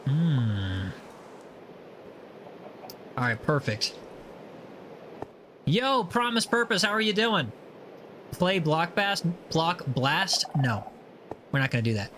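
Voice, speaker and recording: A man hosting a relaxed gaming livestream, chatting casually and teasing viewers as he reads their messages aloud. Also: on the high side, takes it slowly, pauses often, background noise. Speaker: livestream host. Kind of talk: casual chat while gaming.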